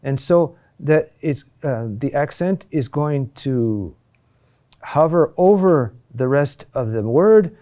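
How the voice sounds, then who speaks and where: A middle-aged man teaching a class on chant, speaking deliberately with many pauses and fillers. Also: fairly high pitch, expressive, warm tone. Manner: slow and deliberate, with frequent "uh" pauses. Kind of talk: classroom lecture.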